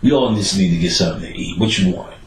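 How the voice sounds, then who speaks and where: A man hosting a podcast, telling stories in a profane, animated way and acting out the people he quotes. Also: low-pitched, quick pace, roomy sound, slight background noise, low-quality recording. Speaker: podcast host. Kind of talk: casual storytelling monologue.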